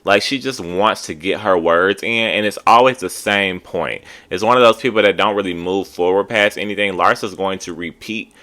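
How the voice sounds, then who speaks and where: A man's voice: deep voice, moderate pace, hardly any pauses, pushed and bright. A man hosting a casual TV recap, talking in a chatty, opinionated way and saying "like" a lot. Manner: chatty, opinionated, heavy use of "like". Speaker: TV recap host.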